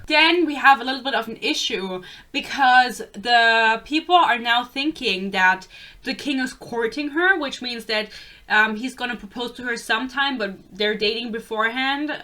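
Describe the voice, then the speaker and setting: A woman's voice: on the high side, moderate pace, bright, forceful tone. Ranting young woman. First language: German. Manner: exasperated, sarcastic, swears freely. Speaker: book reviewer. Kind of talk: casual book rant.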